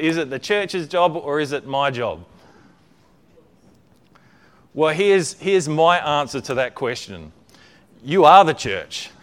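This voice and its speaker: A man preaching a conversational sermon, often checking in with his listeners and repeating words as he builds a point. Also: a little high.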